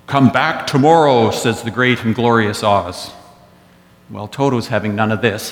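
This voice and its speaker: A man giving a sermon as pastor, telling stories with wry asides. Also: medium pitch. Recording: echoey church hall.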